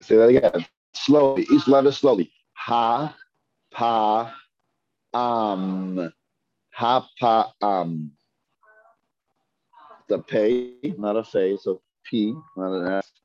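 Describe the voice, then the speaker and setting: A man teaching a Hebrew reading class, patiently repeating words slowly and asking his students questions. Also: fairly low pitch, dark tone, a little hiss or hum. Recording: dull lo-fi dry recording.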